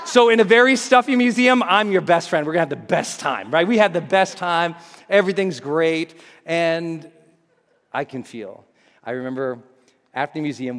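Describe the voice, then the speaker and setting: A man who works as a motivational speaker tells a personal story to a live audience, acting out scenes with big jumps in his voice. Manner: animated, acts out scenes with big pitch jumps. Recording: echoey hall.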